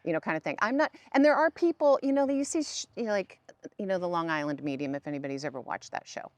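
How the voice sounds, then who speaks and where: A woman's voice: fairly low pitch, lively intonation, quick pace, no room sound. A middle-aged woman, a psychic medium, chatting in an interview and telling stories in which she acts out the voices of other people. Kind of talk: conversational interview.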